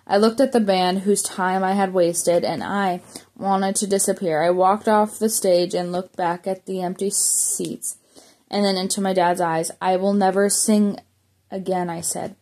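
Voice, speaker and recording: A woman's voice: mid-range voice, fairly even intonation, measured pace, a little mellow. A woman reading a memoir aloud as an audiobook, plainly, with small slips and self-corrections. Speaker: audiobook reader.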